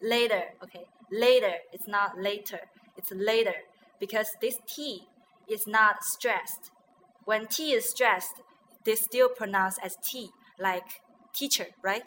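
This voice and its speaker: A woman's voice: a little high, slow pace, fairly bright tone, slight background noise, rough recording. A woman with a Chinese accent, a native Chinese speaker, teaching English pronunciation and repeating words after a guest to check them. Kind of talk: bilingual pronunciation lesson.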